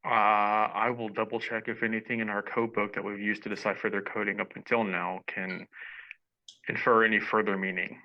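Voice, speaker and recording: A man's voice: lowish voice, flat delivery, normal speed. A man playing a tabletop game, his voice muffled. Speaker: player. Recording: dull muffled mic.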